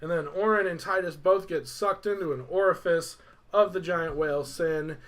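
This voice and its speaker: Young male let's-play host, slightly high voice, loose rambling recap full of fillers. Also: normal speed, a bit bright. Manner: rambling, filler-heavy storytelling with "like". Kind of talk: casual game recap.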